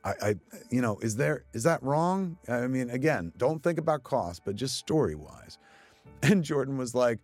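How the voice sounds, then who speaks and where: A man gives a loose, casual commentary over his own film. He talks with excited energy, swears freely and stumbles into restarts. His voice sits at an ordinary pitch, with faint film music playing underneath. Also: moderate pace, dry recording. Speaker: filmmaker giving audio commentary.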